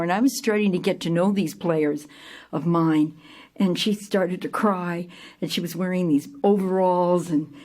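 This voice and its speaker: Speaking to a crowd, a theater company's founder, an older woman, recounts her life animatedly, performing each scene with abrupt swings in loudness and pitch.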